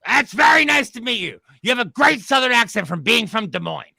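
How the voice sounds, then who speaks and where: Brief: blustering mock TV host, bright, sharp, gravelly. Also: male voice, very high-pitched, sing-song, a little fast, dry recording, heavily acted. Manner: loud, blustering, pushy. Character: brash adult male TV panel host. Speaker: comic news panel host. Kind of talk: comedy sketch, mock panel show.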